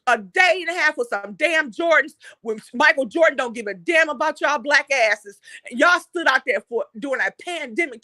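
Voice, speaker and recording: High, bright-voiced woman ranting. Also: dry recording. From Detroit, USA. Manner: blunt, heated, frequent swearing. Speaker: online talk show host. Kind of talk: impassioned unscripted monologue.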